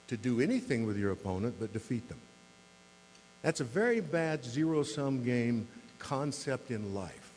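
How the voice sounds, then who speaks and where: A mayor in his sixties gives a humorous after-dinner speech to a club, telling dry, self-deprecating stories into a podium microphone. His voice is lowish and darkish. The recording has long hall reverb and a faint mains hum.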